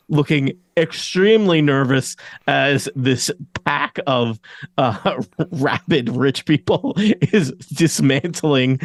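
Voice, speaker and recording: A man's voice: a little high, no room sound. A man narrating a tabletop game as game master, rambling with many fillers and chuckles.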